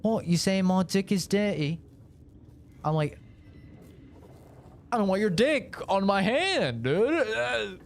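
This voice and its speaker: A man's voice: high-pitched, big pitch swings, slow pace, gravelly, long pauses, voice pushed up, full character voice. Man putting on a crude mock-Australian bloke. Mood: brash. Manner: loud, crude, swaggering. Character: crude brash Australian bloke, boastful and careless.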